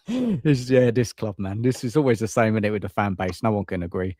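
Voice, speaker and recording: A man's voice: fairly low pitch, lively intonation, moderate pace, mellow, no echo, studio quality. A man hosting a live stream, laid-back and friendly. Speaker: host.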